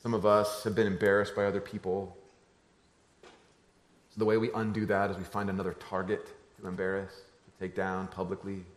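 Animated storytelling pastor in an echoey room. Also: male voice, moderate pace. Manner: storytelling, swings from low hushed lines to loud animated ones. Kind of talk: sermon.

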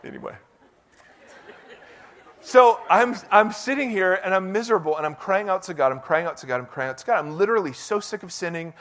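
High-voiced, animated man preaching. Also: a little fast. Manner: conversational, self-deprecating, animated preaching. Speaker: pastor. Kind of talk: sermon.

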